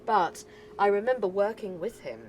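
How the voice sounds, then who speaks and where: A woman's voice: mid-range voice, moderate pace, a little mellow, slight background noise, low-quality recording. A woman who works as a medium, talking as a podcast guest in a chatty storytelling way. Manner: chatty storytelling, repeats phrases. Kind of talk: casual conversation.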